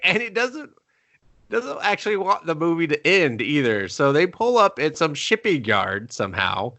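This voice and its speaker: A man co-hosting a casual movie review podcast, sarcastic and profane, often slipping into quick mock voices to act out scenes. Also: on the high side, very animated, sharp tone. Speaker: podcast co-host.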